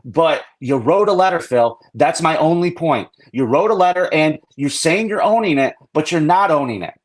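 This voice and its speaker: A man's voice: a little high, expressive, moderate pace. Blunt, indignant man ranting. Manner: blunt, indignant, profane, rambling. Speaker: guest. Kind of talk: heated live-stream talk.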